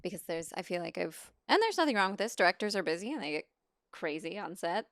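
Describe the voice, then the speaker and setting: A woman's voice: on the low side, expressive, fast, fairly bright tone, no room sound, studio quality. A woman guest on a podcast, an actor and script supervisor, chatting casually and laughing often. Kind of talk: casual conversational interview.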